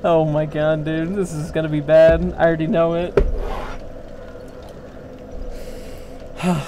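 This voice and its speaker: A man's voice: a little high, flat delivery, slow, noisy background. A young man commenting live on his gameplay, yelping and pleading in danger and joking with sarcastic bravado. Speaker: streamer.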